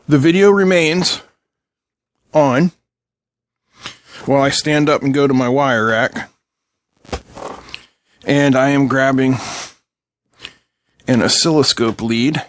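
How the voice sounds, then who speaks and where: A man's voice: mid-range voice, slow, long pauses, slight background noise. A middle-aged man hosting a casual electronics tutorial at his home workbench, joking and chatting with viewers while he solders and tests a board. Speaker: electronics channel host.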